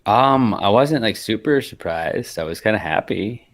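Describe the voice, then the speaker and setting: A man co-hosting a casual football podcast, rambling and relaxed. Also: on the low side, a little slow. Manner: rambling, relaxed, lots of fillers. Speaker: podcast co-host.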